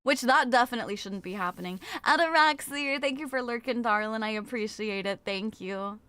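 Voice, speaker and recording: A woman live-streamer with a bright, slightly high voice chats casually into a close desktop mic. She greets her viewers one by one and keeps stopping to restart her sentences. The sound is dry and direct, with no room around it. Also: a little fast, smooth, no room sound. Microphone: desktop mic with a limiter.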